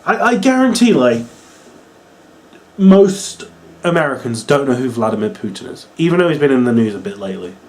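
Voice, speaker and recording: A man's voice: medium pitch, big pitch swings, fairly quick, darkish tone, a little hiss or hum. A young man giving a casual, exasperated review full of sarcasm and fillers like "uh" and "like". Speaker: wrestling reviewer.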